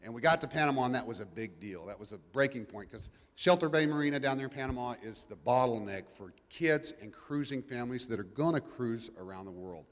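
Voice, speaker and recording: A middle-aged man with a drawl tells a crowd about his life in a loose, joking way, doubling back on his words as he goes. His voice sits at an ordinary middle pitch. It rings with a long reverb, as if picked up in a big public venue. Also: lively intonation, a little fast, few pauses. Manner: folksy, joking, rambling with restarts. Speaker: guest speaker, cruising family father. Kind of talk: informal talk to an audience. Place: event venue before a live audience.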